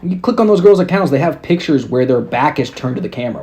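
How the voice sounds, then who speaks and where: A man's voice: mid-range voice, expressive, fast, a little mellow. Profane, ranting young male podcast host. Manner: profane, mocking, exasperated. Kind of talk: casual rant.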